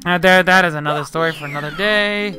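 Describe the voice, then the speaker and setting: Bright-voiced man chatting through a game. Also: high-pitched, fast, soft background music. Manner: chatty, talks to the game characters, mild swearing. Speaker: gameplay commentator. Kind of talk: casual let's-play commentary.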